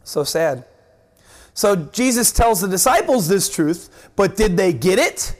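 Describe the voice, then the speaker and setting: A man with a high voice preaching an earnest sermon. He teaches from the Bible, often repeating and restarting his words, and shifts his pitch sharply up and down as he acts out the voices in the story. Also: expressive, a little slow.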